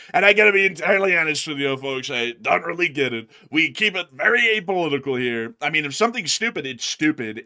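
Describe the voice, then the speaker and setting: Male host, chatty rambler, stammers, bright forward tone. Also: a little high. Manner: rambling, filler-heavy, stammers. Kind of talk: casual chat.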